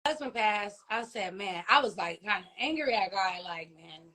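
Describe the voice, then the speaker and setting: A woman speaking as an interview guest, telling of personal loss in a halting, heartfelt way, often pausing and asking whether she is understood. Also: mid-range voice, animated, sharp tone. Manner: halting, heartfelt, many fillers and restarts, often asks "you know what I mean?". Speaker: interview guest, grieving mother and author. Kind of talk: emotional personal testimony in an interview.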